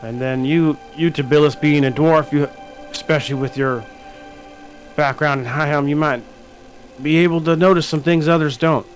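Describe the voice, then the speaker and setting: A man's voice: a little high, steady tone, normal speed, soft background music, lightly acted, rough recording. A man as game master voicing an earnest, hesitant small-town constable in a tabletop role-play. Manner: hesitant, many restarts and fillers.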